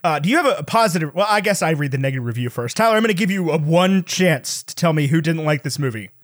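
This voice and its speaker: High-voiced man with wry, teasing humor. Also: quick pace, no echo, clean studio sound. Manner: wry, teasing, deadpan jokes. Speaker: co-host of a film review podcast. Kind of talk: casual chat.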